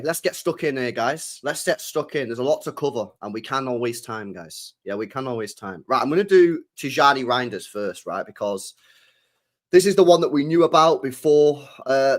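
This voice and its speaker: A young man hosting a casual football live stream, loose and chatty, full of slang, swinging from loud bursts to mumbles. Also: mid-range voice. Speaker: football channel host.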